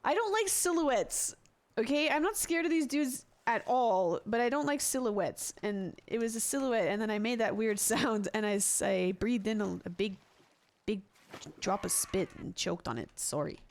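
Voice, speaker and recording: A woman streaming a video game, chatting with viewers and giggling loudly at what happens on screen. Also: medium pitch, moderate pace. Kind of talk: live gameplay commentary.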